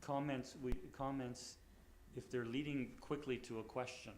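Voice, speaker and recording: A man's voice: medium pitch, steady tone, measured pace, a little hiss or hum. A man serving as mayor, chairing the council meeting firmly and stumbling over repeated words.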